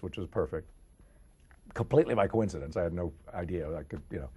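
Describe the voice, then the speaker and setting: A middle-aged voice-over actor from the Kansas City area with a deep voice, telling stories in a casual interview and jumping into quoted voices. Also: male voice, fast, breathy edge. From Kansas City area, United States. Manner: animated, jumps into quoted voices.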